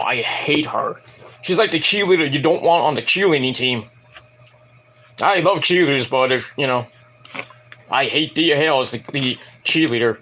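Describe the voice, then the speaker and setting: A man casually reviewing a wrestling show in a vlog, rambling, profane and opinionated. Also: medium pitch. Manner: animated, bursts into put-on voices.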